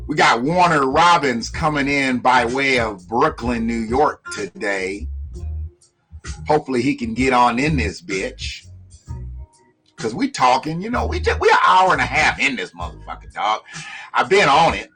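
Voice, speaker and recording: Animated male live-stream host, bright and loud, cursing and joking, music under him. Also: mid-range voice, moderate pace, breathy edge, poor audio. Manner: loud, profane, joking, greets viewers by name. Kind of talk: casual live-stream chat. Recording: music playing in the background.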